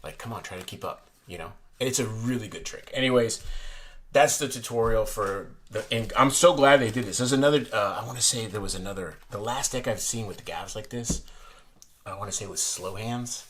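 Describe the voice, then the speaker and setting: A man's voice: lowish voice, a little fast, a bit bright, a little hiss or hum. A man casually explaining a card trick in a vlog, rambling and correcting himself as he goes. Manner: rambling, self-correcting, chatty. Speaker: playing card reviewer. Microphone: desk camera looking down on hands.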